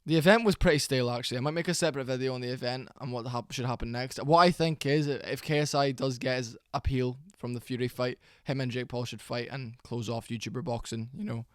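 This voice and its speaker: Tired man with a smooth voice. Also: steady tone, quick pace, hardly any pauses, no room sound, clean studio sound. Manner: low-energy, tired, rambling with fillers and swearing. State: sleepy, worn out. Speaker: MMA reaction channel host. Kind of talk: casual reaction commentary.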